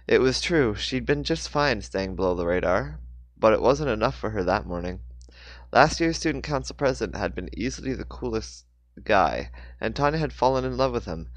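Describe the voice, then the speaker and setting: A man's voice: lowish voice, animated, moderate pace, no room sound. A man reading a novel aloud, stumbling and correcting himself now and then. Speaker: audiobook reader.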